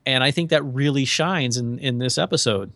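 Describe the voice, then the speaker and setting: A man co-hosting a podcast, chatting casually and telling stories with lively, acted-out quotes. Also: medium pitch, normal speed, no room sound. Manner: animated storyteller, acts out quotes in shifting voices. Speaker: podcast co-host. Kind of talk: casual chat.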